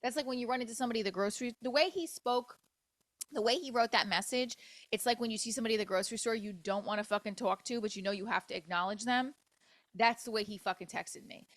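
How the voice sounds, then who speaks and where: Profane, animated woman comedian storyteller. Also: on the high side, a little fast, dry recording. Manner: candid, profane and animated, acting out other people's lines. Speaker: podcast host and comedian. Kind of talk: casual storytelling monologue. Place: New York.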